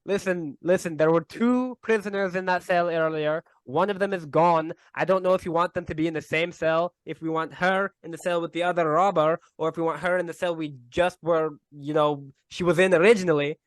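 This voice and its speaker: A man playing a low-ranking guard who hesitates and double-checks orders. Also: steady tone, a little fast, hardly any pauses, smooth, no room sound, lightly acted, low-quality recording. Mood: fussy. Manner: hesitant, overly careful.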